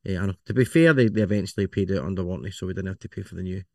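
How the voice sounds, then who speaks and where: A man's voice: low-pitched, racing, no room sound, clean studio sound. A man with a Scottish accent, co-hosting a casual podcast chat and rambling, often repeating words as he thinks. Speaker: podcast co-host.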